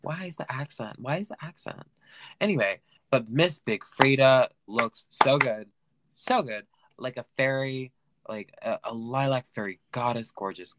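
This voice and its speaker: A man hosting a solo recap podcast, talking in a campy, chatty way that swings between loud gushing and mumbled asides. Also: medium pitch, unhurried, noisy background. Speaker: podcast host.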